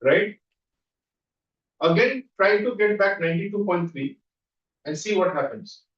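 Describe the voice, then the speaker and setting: A man leading a guided visualization exercise as a trainer, coaching with quick repeated questions. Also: high voice, animated. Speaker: NLP trainer. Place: training room. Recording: dull echoey room audio from far off.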